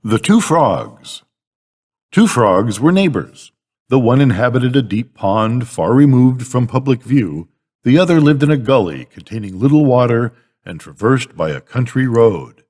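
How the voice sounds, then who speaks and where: Expressive older man reading bedtime fables. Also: medium pitch, measured pace, big-room sound. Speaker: grandfather reading to a grandchild.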